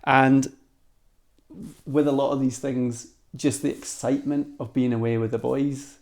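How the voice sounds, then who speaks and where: A man with a Scottish accent, a podcast guest telling a story in a casual, animated way with frequent restarts. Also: medium pitch, measured pace. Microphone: cheap microphone.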